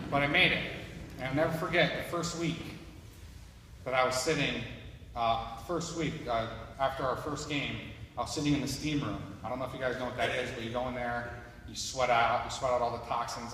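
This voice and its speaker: A man's voice: medium pitch, bright, forceful tone, recorded from a distance, a little hiss or hum. A man telling his story in a hall. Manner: earnest, conversational storytelling that addresses the audience directly. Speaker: motivational speaker. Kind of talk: personal story told to a live audience. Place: large hall with an audience. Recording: echoey hall recorded from afar.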